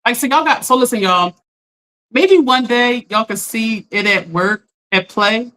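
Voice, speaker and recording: A woman life coach in casual live-stream chat, animated, laughing often and talking straight to her viewers. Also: on the high side, measured pace, rough recording.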